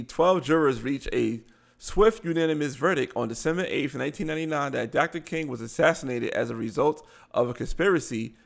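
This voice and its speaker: Man, Baltimore accent, gravelly voice, middle pitch, reads articles aloud with stumbles, casual live show host. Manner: reads articles aloud, stumbling over words and adding blunt asides. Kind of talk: casual live commentary reading news aloud.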